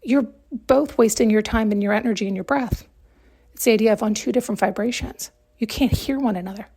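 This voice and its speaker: A woman's voice: fairly high pitch, brisk, vocal fry, mellow, slightly rough. A woman hosting a podcast, giving a reflective spiritual monologue, talking conversationally and driving her points home with rhetorical questions. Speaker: podcast host.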